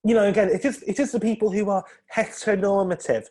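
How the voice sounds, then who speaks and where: A man's voice: high voice, fairly even intonation, quick pace, a little mellow. A British man, a comedian, chatting on a podcast by video call, rambling with many fillers and laughing often. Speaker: comedian guest. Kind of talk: casual podcast interview.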